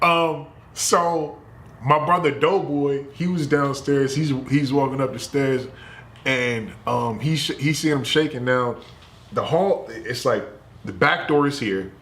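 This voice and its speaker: A man streaming from home, telling a family story in a loose, animated and profane way. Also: medium pitch, unhurried. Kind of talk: casual storytelling.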